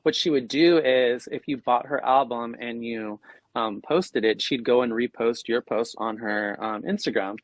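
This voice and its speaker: A man's voice: medium pitch, measured pace, dry recording, low-quality recording. A man co-hosting a podcast, telling stories in casual chat and acting out what people said. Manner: animated, acts out quoted voices. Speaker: podcast co-host.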